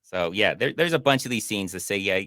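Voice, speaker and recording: A man's voice: fairly low pitch, lively intonation, brisk, pushed and bright, dry recording, clean studio sound. A man hosting a casual movie review show, making sarcastic, mocking comments about a film. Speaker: podcast host and movie reviewer.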